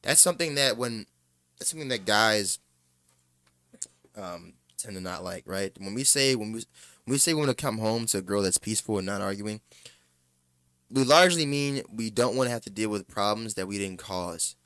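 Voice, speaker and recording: Blunt, low-voiced man giving commentary. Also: lively intonation, normal speed, a bit bright, clear, resonant tone, no room sound, clean studio sound. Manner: blunt, profane, opinionated. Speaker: reaction commentator. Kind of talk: casual reaction commentary.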